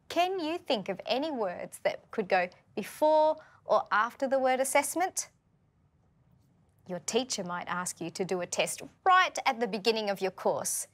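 Speaking with an Australian accent, this woman teaches vocabulary from a script, asking learners questions in a clear, patient way. Her voice is mid-range and a bit bright.

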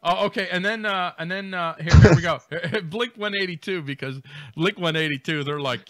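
A man's voice: high voice, normal speed, no echo. A man co-hosting a podcast, reading out a news story and riffing on it with jokes, laughter and mock voices. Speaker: podcast co-host. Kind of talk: comedic news commentary.

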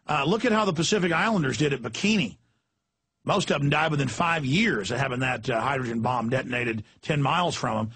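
Heated ranting Texan man, husky. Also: medium pitch, lively intonation, brisk, fairly bright tone, dry recording. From Texas. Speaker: radio host. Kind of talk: talk radio rant.

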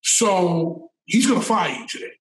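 A middle-aged man telling his story as an interview guest, animated, emphatic and full of swearing. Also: high voice, unhurried. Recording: echoey room, mic at a distance.

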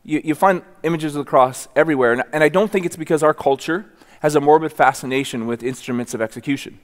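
A man's voice: fairly high pitch, quick pace, long reverb tail. A man preaching a sermon in a church, reading scripture and then speaking earnestly, often repeating and restarting words. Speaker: pastor. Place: church sanctuary.

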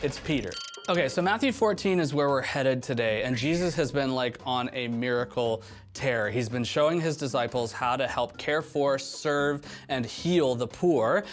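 Man, youth pastor, casual Bible lesson, chatty storyteller, middle pitch, faint music. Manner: chatty storyteller with filler words.

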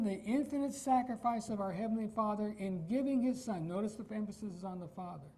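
A man's voice: sits high, quick pace, darkish tone, low-quality recording. A man from Iowa preaching a sermon as pastor, emphatic and asking his congregation questions. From Iowa, United States.

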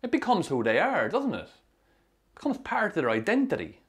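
An actor narrating a film as a troubled young Irish man with a Sligo accent, telling his rough youth in a dry, sardonic way. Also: fairly high pitch, wildly swooping pitch, moderate pace, full character voice. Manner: dry, sardonic storytelling with strong swearing. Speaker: narrator, the film's lead. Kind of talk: scripted film voice-over.

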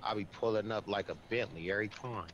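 A man's voice: fairly low pitch, fast, a bit bright, dull audio, slight background noise. A man in casual gaming chat, brash and profane, trash-talking while he plays.

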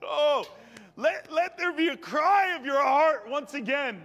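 Guest preacher, male, 30s, very high bright voice, fervent and repetitive, church reverb with music underneath. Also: lively intonation, unhurried. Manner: fervent, repeating phrases, rising to shouts. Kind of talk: charismatic sermon and prayer. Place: church sanctuary.

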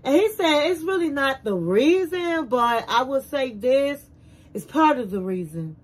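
A woman hosting a casual show recap, retelling scenes in an animated way and acting out the quotes. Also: high-pitched, measured pace, poor audio.

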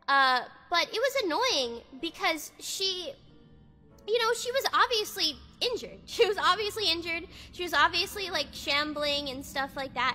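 A woman's voice: very high voice, bright, forceful tone. Woman, streamer, casual chat, profane heated rant, faint music behind. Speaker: VTuber streamer.

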